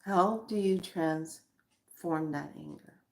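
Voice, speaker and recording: A woman giving a guided spiritual card reading, slow and reflective, repeating her questions to the listener. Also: sits low, creaky, a little mellow.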